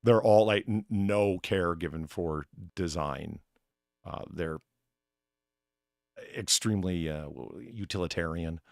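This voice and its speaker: A man hosting a casual chat, animated and laughing, with frequent restarts. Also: low voice, slow, creaky, no room sound, studio quality. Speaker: host.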